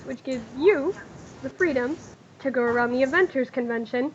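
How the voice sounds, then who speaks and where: A smooth-talking schemer, played by a woman in a tabletop game, coaxing and soft-spoken. The voice sits high. The recording sounds dull and lo-fi. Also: normal speed, a little hiss or hum, natural voice. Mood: persuasive. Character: smooth scheming male character.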